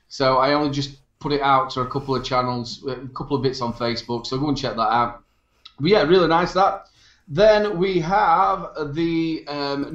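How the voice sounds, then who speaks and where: A man's voice: a little high, fairly bright tone. A man co-hosting a casual live stream, talking in a chatty, rambling way about his gear. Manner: chatty, rambling product talk. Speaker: co-host. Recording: echoey bathroom-like room, dull sound.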